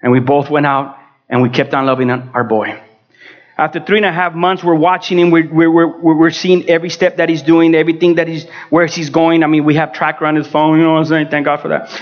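A male pastor giving a personal testimony, dramatic, swinging between loud outbursts and hushed tones. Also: fairly high pitch, fairly even intonation, a little fast, dull audio.

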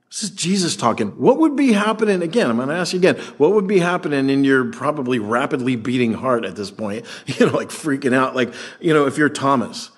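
With a husky, medium-pitched voice and a brisk pace, a man preaches as pastor. He's conversational and animated, acting out the scripture's voices as he reads.

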